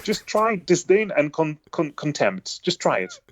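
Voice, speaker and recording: A man's voice: a little high, big pitch swings, a little slow. A man co-hosting a gaming podcast, chatting casually with a teasing, hesitant manner. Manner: teasing, hesitant, with many uhs. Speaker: podcast co-host. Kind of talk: casual chat.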